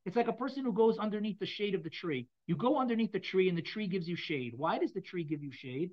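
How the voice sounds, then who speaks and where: A woman's voice: fairly low pitch, very animated, fast talker, few pauses, dull audio. A woman teaching a text lesson to a class, explaining and often asking the students if they follow. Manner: explanatory, asks the class questions. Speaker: Torah teacher.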